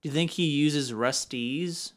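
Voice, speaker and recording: A man's voice: fairly high pitch, slow. A man co-hosting a casual comedy podcast, playfully riffing on the jokes. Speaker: podcast co-host.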